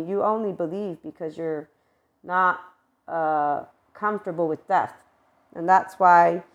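A woman hosting a spiritual talk, speaking in a casual, animated monologue with exclamations and offhand swearing. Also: on the low side. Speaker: spiritual channel host.

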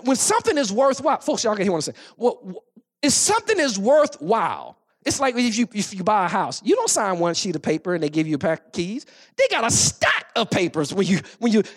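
High, lively-voiced preacher man. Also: slightly rough. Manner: storytelling, builds to shouted exhortation. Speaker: pastor. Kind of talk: sermon.

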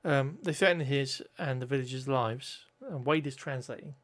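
A man's voice: mid-range voice, moderate pace, a bit bright. A man co-hosting a casual podcast, recapping a film plot in a wry, chatty way with plenty of ums.

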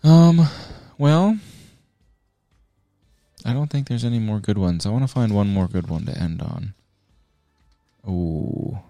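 A man with a low, mellow voice co-hosts a podcast in loose, playful chat. He sounds tired and rambles a little. The sound is dry and close, with faint music underneath. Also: slow, long pauses, no room sound. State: tired, yawning. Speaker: podcast co-host. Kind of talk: casual chat.

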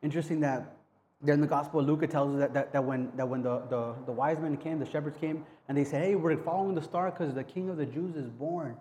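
A man preaching a conversational sermon, talking in a casual, halting way with many restarts and tag questions. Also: on the high side, dark tone, a little hiss or hum. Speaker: pastor.

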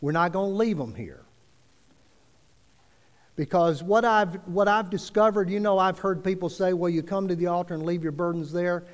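This earnest sermon comes from a male pastor whose high voice is lively and animated, echoing with long reverb through the church sanctuary. He stretches his words out slowly for emphasis, his delivery swelling and falling like a preacher's.

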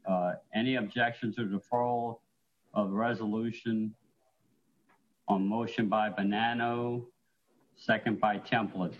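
Low-ish guy chairing a council meeting, reads out item numbers, procedural, muffled remote audio. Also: steady tone, unhurried, long pauses. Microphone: remote call-in audio.

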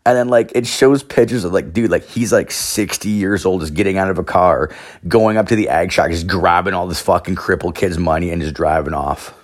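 Deep-voiced man, profane rambling podcast storyteller. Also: brisk. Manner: profane, filler-heavy, with frequent "like". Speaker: podcast host.

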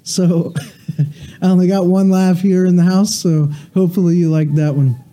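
A man pastor preaching a sermon and leading prayer, earnest with halting restarts. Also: high voice, fairly even intonation, mellow. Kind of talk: sermon with prayer and a told joke.

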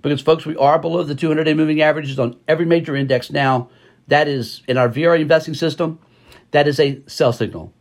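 Podcast host, a man with a fairly high voice, forceful and repetitive market commentary, lots of fillers. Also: fairly even intonation, quick pace. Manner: emphatic, repeats words for stress; frequent fillers and restarts.

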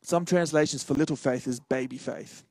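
A young adult man, a senior pastor preaching a sermon in an animated way, repeating key phrases and joking with the congregation. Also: medium pitch, moderate pace, dry recording, low-quality recording.

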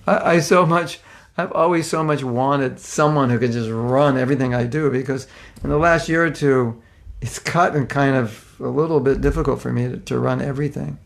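A man preacher telling personal stories in an informal sermon, conversational and self-deprecating, with halting restarts. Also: mid-range voice, vocal fry.

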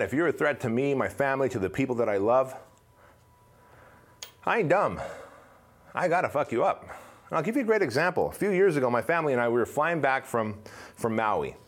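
Blunt, profane motivational speaker man. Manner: blunt, profane, emphatic storytelling with big swings in pitch and loudness. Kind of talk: motivational talk.

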